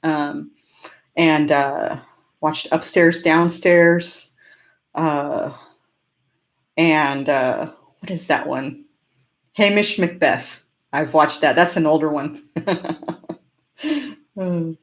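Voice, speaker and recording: Her voice is low-pitched and extremely slow, with frequent pauses. She's a Californian woman hosting a casual live-stream Q&A for her homesteading channel, speaking with a slight rural American twang and answering chat cheerfully and talkatively, laughing often between remarks.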